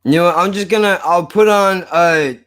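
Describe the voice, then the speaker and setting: A man rants live to his stream, his voice pitched a touch high. He mutters and swears in exasperation, half to himself and half to the chat. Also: moderate pace, a bit bright. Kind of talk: frustrated off-the-cuff rant.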